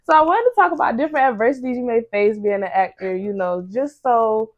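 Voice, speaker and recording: A woman's voice: fairly high pitch, lively intonation, fairly quick, dull audio. A woman hosting a casual podcast interview, chatty and encouraging, her talk full of fillers like "like" and "you know". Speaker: podcast host and makeup artist.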